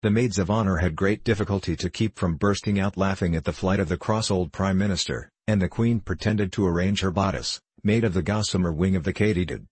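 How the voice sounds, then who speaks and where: A man with a very low, husky voice reads a storybook aloud. His delivery is measured and expressive, and the room is dry and close. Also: no room sound. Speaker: narrator. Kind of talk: storybook reading.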